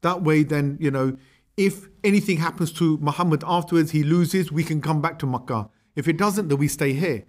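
A man's voice: a little high, normal speed, lightly acted. A man voicing a scheming middle-aged male Meccan envoy in a casual, slangy retelling. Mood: plotting.

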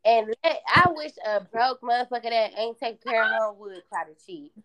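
A woman in casual chat with a friend, blunt and animated, acting out the lines she quotes. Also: fairly high pitch, normal speed.

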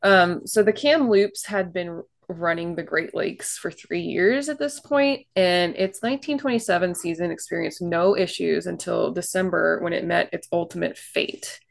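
A woman with a low, gravelly voice tells a story on a casual podcast. She reads out facts in a chatty way, dropping fillers and little asides as she goes. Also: moderate pace, few pauses. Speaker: podcast co-host telling a shipwreck story.

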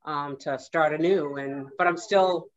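A woman calling in to a reading, talking in a halting, hesitant way. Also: low-pitched, a little hiss or hum. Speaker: caller. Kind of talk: casual call-in conversation. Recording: dull lo-fi call line.

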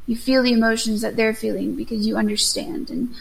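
A woman's voice: a little high, fairly even intonation, fairly quick, gravelly, rough recording. A young woman chatting casually, rambling with many "like"s and "um"s. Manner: rambling, full of likes and ums. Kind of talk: casual chat.

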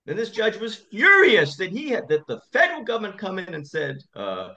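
A man, an attorney, speaking as a guest in a podcast interview and telling stories in an impassioned, animated way. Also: high-pitched, fairly quick, few pauses, highs cut off.

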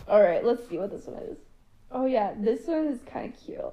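A woman's voice: on the high side, animated, normal speed, dark tone, poor audio. A young woman in her twenties from Kentucky, co-hosting a podcast in chatty, candid talk with frequent laughter. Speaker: podcast co-host. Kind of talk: casual chat.

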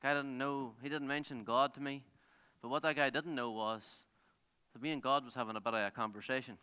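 A man delivers a lively, story-driven sermon, tripping over his own words as he goes. His voice is bright and crisp. It rings out with a long reverb through a large theatre. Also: medium pitch, a little fast. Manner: animated storytelling, self-interrupting with restarts and laughs. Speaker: pastor. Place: large theatre used as a church.

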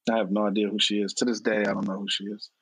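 A man's voice: on the low side, level tone, racing, a bit bright, husky, dry recording, poor audio. A man in his late thirties, a podcast guest telling personal stories candidly, earnest and blunt, often repeating words for emphasis. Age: late 30s.

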